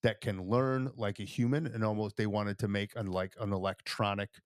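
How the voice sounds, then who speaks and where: A man's voice: fairly low pitch, fairly even intonation, normal speed, clean tone, no echo, studio quality. A man co-hosting a podcast, chatting and explaining history at length, often checking in with "right?". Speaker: podcast co-host. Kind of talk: casual chat.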